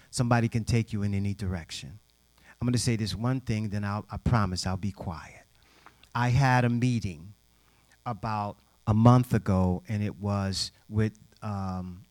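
A man's voice: lowish voice, no room sound. A middle-aged man mentoring young people, telling stories to an audience in a direct, plainspoken way and acting out the voices of the people he quotes. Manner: animated storyteller who acts out quoted voices; direct, plainspoken, informal grammar. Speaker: youth mentor. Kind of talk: personal storytelling to an audience.

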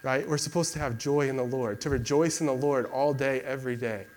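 A young man preaching in a loose, conversational way, often reaching for "like" as he talks. His pitch sits in a normal middle range. A faint hiss of noise runs under the recording. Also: fairly quick, darkish tone. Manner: conversational, many fillers like "like". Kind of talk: casual sermon and prayer.

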